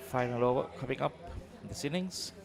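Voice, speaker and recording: A man's voice: mid-range voice, brisk, gravelly. A man co-commentating a cricket match with short, matter-of-fact remarks. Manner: brief, matter-of-fact interjections. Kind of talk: live sports commentary. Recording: commentary with crowd noise behind.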